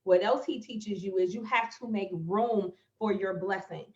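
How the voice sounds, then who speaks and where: A woman's voice: mid-range voice, unhurried. A woman on a live stream, speaking emotionally and telling a personal story directly to her viewers as a motivational speaker. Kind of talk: livestream talk on manifestation. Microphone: phone or webcam live stream. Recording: echoey, slightly dull live-stream audio.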